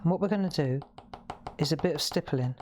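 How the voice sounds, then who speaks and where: A woman's voice: low-pitched, fairly quick, darkish tone, a little hiss or hum. A woman hosting a live colouring tutorial from her craft room, chatty and demonstrative, talking into a lapel mic. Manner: chatty, demonstrative, laughs at herself. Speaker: crafting livestream host.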